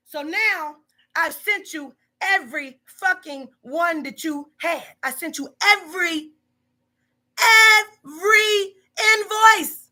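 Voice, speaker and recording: A woman's voice: very high-pitched, bright, forceful tone. A woman who runs a psychic reading business, confronting a staff member in a profane, emphatic monologue full of repetition.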